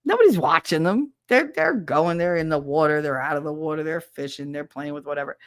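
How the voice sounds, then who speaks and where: A middle-aged woman with a low-pitched voice and lively intonation hosts a stream, briskly telling a funny story in a casual, profane way and imitating other people with squeals. The recording is dry and clean, from a studio.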